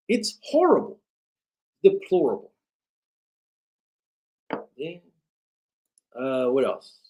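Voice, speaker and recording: A man's voice: fairly high pitch, vocal fry. A tired man hosting a late-night livestream, ranting in a rambling, repetitive way and talking to his chat. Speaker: livestream host.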